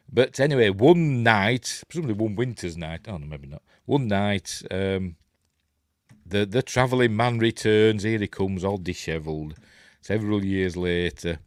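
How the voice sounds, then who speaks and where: A man's voice: low-pitched, no room sound, clean studio sound. A man with a Yorkshire accent hosting a casual film breakdown, rambling through the plot with chatty asides and chuckles. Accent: Yorkshire English. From Yorkshire, England. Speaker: film review host.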